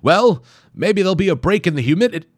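A man voicing a flustered, nervous male doctor companion who speaks in a high, hurried voice. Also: expressive, breathy edge, no echo, clean studio sound. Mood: chatty.

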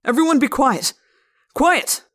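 A woman voicing a frantic, shouting male teacher. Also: on the high side, very slow, voice pushed up. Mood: angry, frantic. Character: panicking middle-aged male teacher, tormented.

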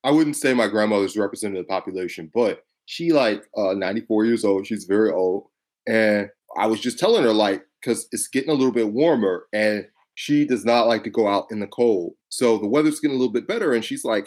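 A man's voice: fairly low pitch, fairly quick. A man co-hosting a podcast, telling stories animatedly and swearing freely. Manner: animated, profane, storytelling with voiced quotes. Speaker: podcast co-host. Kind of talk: casual political chat.

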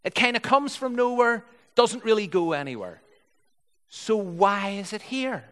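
Male preacher, earnest sermon, fairly high voice, long church reverb. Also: animated, measured pace, fairly bright tone. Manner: earnest, explanatory, reads with feeling. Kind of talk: sermon with scripture reading.

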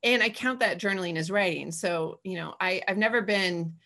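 A woman's voice: lowish voice, normal speed, pushed and bright. A woman in her thirties or forties, a guest in a casual conversation, talking candidly in a chatty way with frequent fillers.

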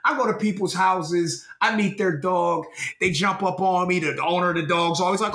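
A man's voice: sits high, fairly quick, roomy sound. A man co-hosting a podcast in casual chat, swearing a lot and repeating his words as he talks. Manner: profane, animated, repeats words. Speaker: podcast co-host.

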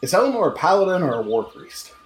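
A man's voice: high-pitched, sing-song, fast talker, echoey room, a little hiss or hum, poor audio. Rambling man running a tabletop game. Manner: rambling, casual, lots of filler. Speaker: game master.

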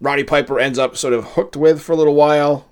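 A man's voice: on the high side, steady tone, fast talker, smooth. A man from Massachusetts co-hosting a podcast, chatting casually and rambling through his thoughts with restarts. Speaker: podcast co-host. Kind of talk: casual chat.

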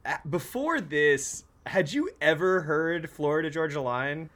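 A man chatting casually as a podcast co-host, talkative and quick to laugh, with lots of filler words. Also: a little high, animated, a bit bright. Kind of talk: casual chat about music. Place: lives in North Carolina.

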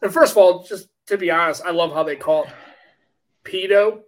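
High-voiced excitable american guy. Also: moderate pace. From United States. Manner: excitable, swears freely, laughs often. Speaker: podcast co-host. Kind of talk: casual chat.

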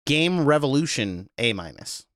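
A man's voice: mid-range voice, big pitch swings, measured pace, a bit bright, no echo, clean studio sound. A man co-hosting a podcast in casual, joking chat. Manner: joking, reads out slang and review scores. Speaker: podcast co-host.

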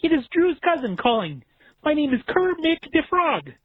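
A man's voice: very high-pitched, very animated, normal speed. A man putting on a goofy, nasal frog-like voice as a caller, heard over a tinny phone voicemail.

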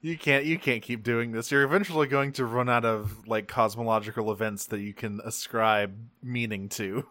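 Guy with a bright voice recapping a cartoon on a podcast, jokey, swears a lot, super dry close mic. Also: medium pitch, steady tone, dry recording. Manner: joking, swears often, drops into quick character voices. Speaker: podcast co-host. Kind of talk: casual chat recapping a cartoon.

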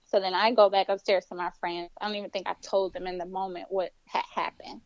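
A woman's voice: mid-range voice, fast, no room sound. A young woman telling a personal story on a podcast. She talks casually and acts out what others said. The sound is dry and slightly muffled. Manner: animated, acts out quoted voices. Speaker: guest telling her story.

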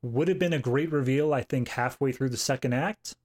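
A man's voice: medium pitch, fairly quick, darkish tone. A man co-hosting a film podcast, talking casually with dry humour. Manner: wry, dry jokes. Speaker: podcast co-host. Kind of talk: casual film review chat.

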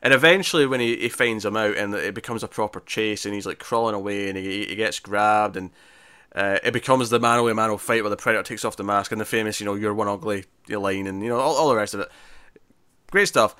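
A man talks quickly and eagerly in a casual film review chat, his voice bright and forceful. The sound is dry and close, with no room echo. He is a podcast co-host. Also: lowish voice, smooth. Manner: animated, quotes lines in a shouted impression.

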